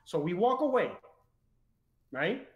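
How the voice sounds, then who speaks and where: A man telling rowdy stories in a casual chat, animated and swearing, raising his voice when quoting people. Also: sits high, slow, roomy sound, narrow, tinny audio. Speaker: podcast guest telling stories. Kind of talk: casual storytelling.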